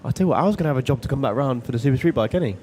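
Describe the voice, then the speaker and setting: A man's voice: medium pitch, lively intonation, very fast, darkish tone, a little hiss or hum. Upbeat man commentating drag racing. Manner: giggly, upbeat. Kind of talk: live race commentary. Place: commentary tower at a racetrack.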